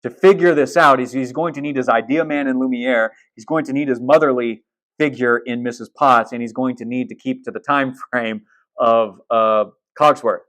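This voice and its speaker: A man's voice: medium pitch, steady tone, normal speed, a bit bright. A male pastor preaching a sermon in a casual, storytelling way, retelling film scenes with blunt asides and restarts.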